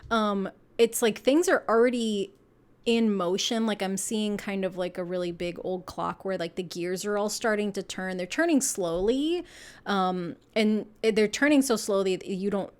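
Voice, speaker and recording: Woman doing a chill tarot card reading, rambly, lots of likes and ums, laughs a lot, mid-pitched voice. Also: unhurried, a little mellow. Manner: chatty and meandering, full of "like" and "um"; laughs often while talking.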